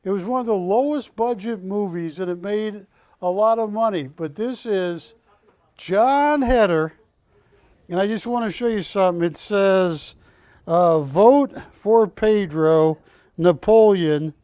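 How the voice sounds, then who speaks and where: High voiced guy running a tv auction, slow patter, joking around, dry studio sound. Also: a little mellow, no echo. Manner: jokey, chatty, calls bids and counts them down. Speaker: auction host. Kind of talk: live shopping-channel auction patter.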